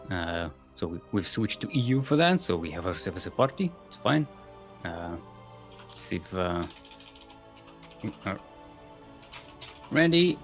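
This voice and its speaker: Man, tournament host and caster, low and lively, goofy rambling humor, big announcer-style introductions. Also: unhurried, long pauses, faint music behind. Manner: joking, rambling, booming ring-announcer introductions. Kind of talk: playful esports commentary.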